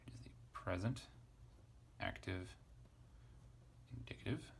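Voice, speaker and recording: Very low gravelly man parsing text. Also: measured pace, in a whisper. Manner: thinking aloud, spelling out letters. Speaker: Greek teacher. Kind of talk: casual lesson, parsing text aloud.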